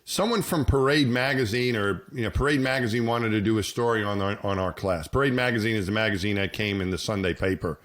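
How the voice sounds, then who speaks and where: A middle-aged man, a former astronaut co-hosting a podcast, telling a long story in a rambling way, with many restarts and lively quoted voices. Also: fairly low pitch, quick pace, few pauses. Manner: rambling, many restarts, animated when quoting people. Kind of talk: casual storytelling chat.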